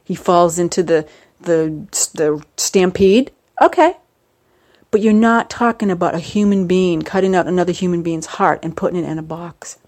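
A middle-aged woman talks to camera in a casual, rambling way, cracking jokes as she goes. Her voice sits a little low, then jumps up sharply whenever she stresses a point. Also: moderate pace, darkish tone. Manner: rambling, jokey, with sudden rises in pitch for emphasis. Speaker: vlogger.

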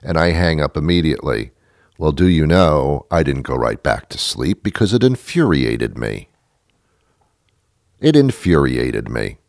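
A man telling a ranting comic story, mocking himself and swinging from loud outbursts to mutters. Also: rumbling low, sing-song, measured pace, gravelly, dry recording, studio quality. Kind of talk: comedic storytelling monologue.

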